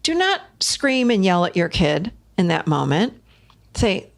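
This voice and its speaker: A middle-aged woman, a podcast host and therapist, speaks unhurriedly in a lowish, very animated voice with vocal fry. Warm and emphatic, she gives casual advice and acts out short exchanges in parent and child voices.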